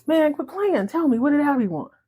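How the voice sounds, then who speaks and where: A woman's voice: sits high, sing-song, a little fast, dark tone, voice pushed up. A woman voicing a nosy, pushy woman who pesters her brother in a whiny, insistent way. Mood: pestering.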